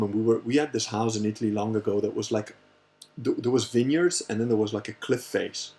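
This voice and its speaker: A man hosting a casual Q&A livestream, telling a story in a rambling, animated way and swearing freely. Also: fairly low pitch, brisk. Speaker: host answering viewer questions.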